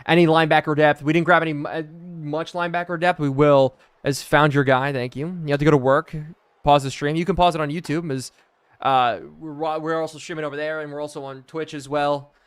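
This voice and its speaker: A man's voice: on the high side, steady tone, brisk, clear, resonant tone. A young man live-streaming a video game, chatting to viewers and thinking aloud as he plays.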